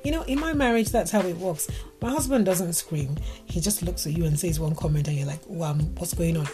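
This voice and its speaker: A woman's voice: lowish voice, fairly quick. A woman from Africa, telling a story and giving relationship advice, acting out the dialogue with animation. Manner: animated, acts out quoted dialogue. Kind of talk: storytelling talk. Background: music playing.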